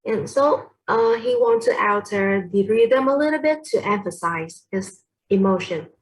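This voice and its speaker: A woman's voice: medium pitch, unhurried, low-quality recording. A young woman with a Vietnamese accent gives a class presentation on poetry, hesitating often with fillers and correcting herself as she goes.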